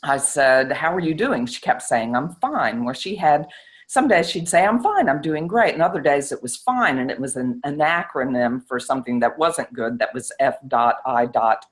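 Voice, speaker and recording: Low-voiced woman telling a story. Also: normal speed. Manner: animated, acts out quoted exchanges. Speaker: psychiatrist. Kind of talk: interview storytelling.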